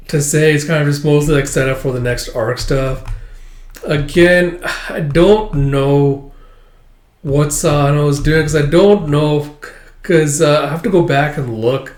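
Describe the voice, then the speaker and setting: A man casually reading a manga chapter aloud and giving his thoughts, chuckling now and then. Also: on the high side. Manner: reads panels aloud, voices characters, chuckles often. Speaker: manga reaction reader. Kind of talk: casual read-along commentary. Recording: echoey room.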